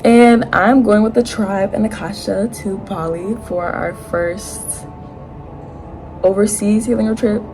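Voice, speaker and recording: A woman in her twenties nervously sharing her feelings in a personal testimony, halting and honest. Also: medium pitch, steady tone, dark tone, soft background music, low-quality recording. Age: 20s. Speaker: retreat participant.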